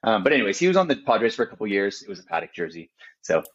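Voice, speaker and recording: Deep guy, relaxed and filler-heavy, dull audio. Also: racing. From Austin, Texas. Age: young adult. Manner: easygoing, many fillers. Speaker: podcast guest. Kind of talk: casual chat.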